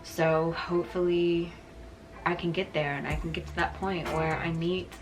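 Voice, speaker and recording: A woman's voice: fairly low pitch, little pitch movement, normal speed. Candid, profane woman in her twenties. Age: 20s. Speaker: vlogger. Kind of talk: confessional casual chat to camera. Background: background beat music.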